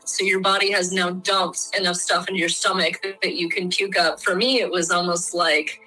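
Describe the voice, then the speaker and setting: A woman's voice: lowish voice, steady tone, moderate pace, bright, forceful tone, faint music behind, rough recording. A woman with a Midwestern American accent, a guest in an interview, explaining things in a chatty, frank way with lots of fillers.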